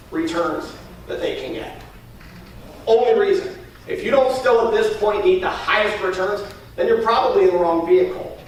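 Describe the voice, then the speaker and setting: A man who talks fast while teaching a sales class, acting out his pitch to clients and often checking in with "all right?". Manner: fast-talking, keeps asking "all right?". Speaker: sales trainer. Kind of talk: training talk with role-played sales pitch. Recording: very echoey room from far off, faint noise.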